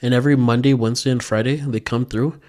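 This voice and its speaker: A young man with a mid-pitched voice talks casually on a podcast. He sounds incredulous, jokes around and swears a lot. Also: steady tone, darkish tone. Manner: incredulous, swearing, quick to joke. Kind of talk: casual chat.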